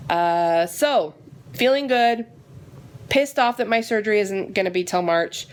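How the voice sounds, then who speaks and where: A woman vlogging casually and retelling her day in a chatty, animated way, with a frustrated edge. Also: on the low side, unhurried. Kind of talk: casual vlog chat.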